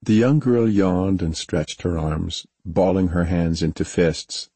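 Male audiobook narrator, very deep, mellow and husky, dry studio sound. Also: steady tone, measured pace, hardly any pauses, dry recording. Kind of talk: scripted narration.

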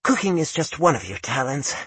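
A man's voice: fairly high pitch, very animated, fairly quick, fairly bright tone, slightly rough, dry recording, pitched above the performer's own voice, exaggerated voice. A man voicing a teasing young woman.

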